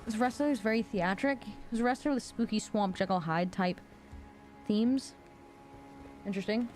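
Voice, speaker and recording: A woman's voice: mid-range voice, normal speed, a little mellow, soft background music. Sweary, playful woman streaming a game. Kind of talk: live gameplay commentary.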